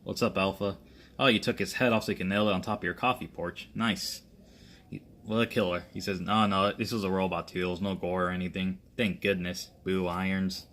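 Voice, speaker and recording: Low-voiced man rambling through a homemade story. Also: steady tone, a bit bright, slight background noise. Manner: rambling, halting delivery with frequent restarts. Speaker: amateur storyteller. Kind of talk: improvised story narration with voiced lines.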